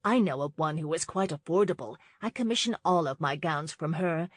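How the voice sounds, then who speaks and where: A woman's voice: low-pitched, lively intonation, brisk, no room sound. A woman voicing a cheerful, effusive young marchioness. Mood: gushing.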